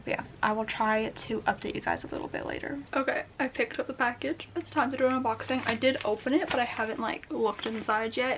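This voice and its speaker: A young woman chatting casually to camera at home in a writing vlog, gushing and gasping with excitement now and then. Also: a little high, slight background noise, rough recording. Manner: chatty, gushing with excitement, gasps and soft exclamations. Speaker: booktube vlogger and writer. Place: home, at a desk.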